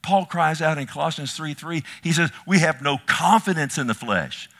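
Bright-voiced impassioned male preacher. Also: on the high side, animated, normal speed. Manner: impassioned, rising to near shouts then dropping to hushed asides; addresses listeners as "loved one". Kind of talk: sermon.

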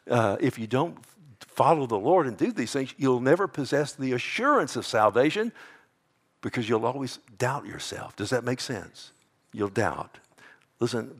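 A man preaching a sermon as pastor, swinging between loud emphasis and hushed tones, often calling out "amen?" and "loved one.". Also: medium pitch, gravelly. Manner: addresses listeners as "loved one", asks "amen?".

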